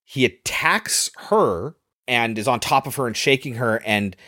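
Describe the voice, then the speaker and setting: A man's voice: medium pitch, animated, a little slow, pushed and bright, no room sound, studio quality. A man casually retelling a film scene by scene, with loose fillers along the way. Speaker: podcast host recapping a film.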